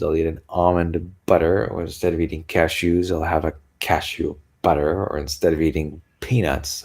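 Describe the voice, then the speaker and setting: Man, deep voice, creaky fry, rambling casual vlog talk, sleepy. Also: a little mellow. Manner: chatty, rambling, with frequent laughs and sighs. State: tired, yawning. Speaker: vlogger. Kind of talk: casual chat to camera.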